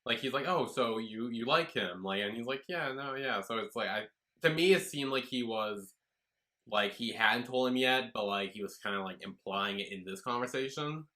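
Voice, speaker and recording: In a casual podcast chat, this male co-host speaks at a normal speed in a fairly low, bright and forceful voice. He's hesitant and leans on lots of fillers.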